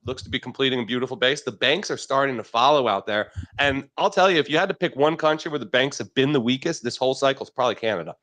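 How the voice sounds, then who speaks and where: A man co-hosting a casual market chat, explaining stock charts in a relaxed way. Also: mid-range voice, fast, few pauses. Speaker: market show co-host.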